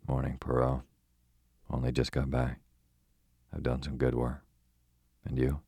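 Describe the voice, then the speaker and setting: A man voicing a brisk, bluff male police inspector who talks in a breezy, hearty, clipped way. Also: a bass voice, monotone, gravelly, warm tone, husky, dry recording, clean studio sound, full character voice.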